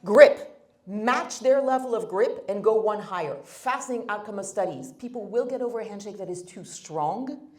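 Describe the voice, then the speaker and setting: A woman's voice: mid-range voice, animated, brisk. Woman, workshop speaker, blunt and emphatic, jokey asides, roomy echo. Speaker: guest speaker on first impressions. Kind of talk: workshop talk with audience Q&A. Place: meeting room.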